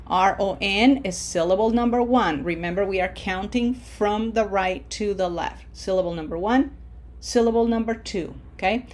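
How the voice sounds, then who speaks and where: This recorded online Spanish lesson features a female teacher whose voice is medium-pitched and somewhat dark. Her explanations of the rules are patient, punctuated by a frequent "okay?" to the listener, and she slows down to stress sample words as she models how they sound.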